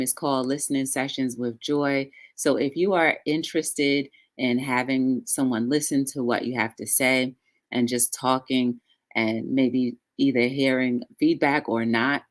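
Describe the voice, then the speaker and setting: A woman hosting a live-streamed talk show, greeting chat viewers by name in a lively, sing-song way. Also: low voice, no echo.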